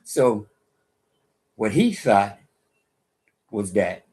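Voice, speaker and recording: A man's voice: lowish voice, big pitch swings, drawn-out words, a little mellow. An American man giving a casual monologue commentary, preachy and boastful, who keeps repeating himself for emphasis. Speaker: online commentator.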